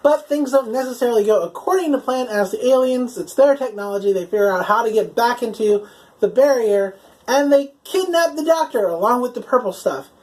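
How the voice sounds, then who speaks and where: A woman enthusiastically recaps a TV episode in a chatty, openly emotional way, leaning heavily on "like" and "um" and swearing now and then. Her voice is on the high side, expressive, brisk, and a little mellow, though the recording is rough.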